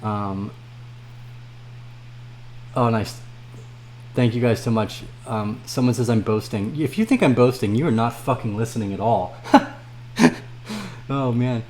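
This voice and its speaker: A man of middle pitch hosts a casual trading livestream, reading viewer comments aloud. He swears constantly and swings between quiet, low-energy muttering and loud, heated rants. A faint hum sits under the voice. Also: a little slow, pauses often. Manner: swears freely, ranting at chat, swings from low mumbling to loud outbursts. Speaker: crypto trading livestream host.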